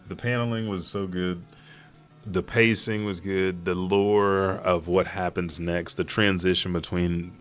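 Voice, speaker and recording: Low-voiced man in an excited manga reaction. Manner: excited, profane, rambling recap. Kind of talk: live reaction recap.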